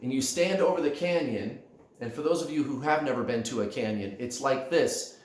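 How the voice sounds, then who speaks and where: A man giving a spiritual coaching talk straight to his viewers, emphatic and animated, often calling them guys. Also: mid-range voice, moderate pace, echoey room. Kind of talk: direct-to-camera coaching talk.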